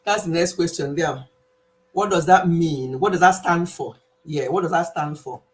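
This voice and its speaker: A woman's voice: lowish voice, moderate pace. A woman, hosting a casual live stream quiz and playfully scolding a viewer in a chatty way. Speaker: livestream host.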